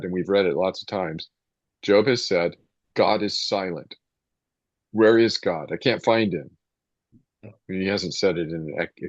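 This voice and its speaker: A deep-voiced man leads a small Bible study group in a loose, rambling way, often circling back and reading passages aloud. His voice is low and husky. The sound is dry and muffled, like a dull lo-fi recording. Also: no echo. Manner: conversational and rambling, with restarts and reading scripture aloud.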